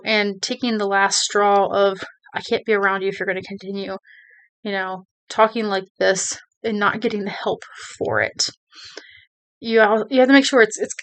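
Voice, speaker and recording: A woman talking to her viewers, giving earnest advice in a rambling way, with many restarts and "you know"s. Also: medium pitch. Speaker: video creator. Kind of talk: casual advice talk to camera.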